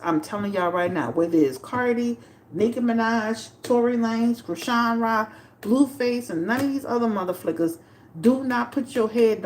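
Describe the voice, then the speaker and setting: A woman tarot reader chatting on a livestream to her viewers, animated and repetitive, full of fillers and restarts. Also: medium pitch. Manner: animated, talks straight to chat, repeats herself with many fillers. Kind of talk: casual livestream commentary.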